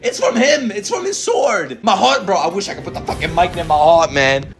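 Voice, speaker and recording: A high-pitched man reacting to anime on his own show, his voice leaping all over the place as he swears and yells. Music from the show plays clearly behind him. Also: moderate pace. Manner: excitable, swears a lot, bursts into shouts. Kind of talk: live reaction commentary. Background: anime soundtrack and dialogue playing.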